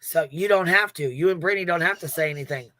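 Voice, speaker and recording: A woman's voice: lowish voice, quick pace. Blunt, profane woman livestream host. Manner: profane, blunt and laughing often; retells events with lively quoted asides. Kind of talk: casual livestream commentary.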